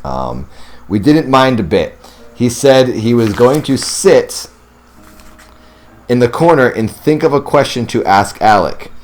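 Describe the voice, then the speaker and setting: A man's voice: mid-range voice, animated, unhurried, darkish tone, a little hiss or hum. A man reading a ghost story aloud. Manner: reads first-person accounts, breaks off to react emotionally. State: teary and sniffling. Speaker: host reading ghost stories. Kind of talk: story reading with excited asides.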